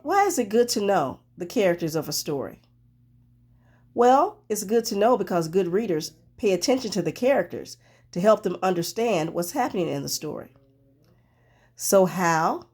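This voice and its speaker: A woman teacher reading a storybook aloud and then talking through it, expressive and pausing to think aloud. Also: medium pitch, husky.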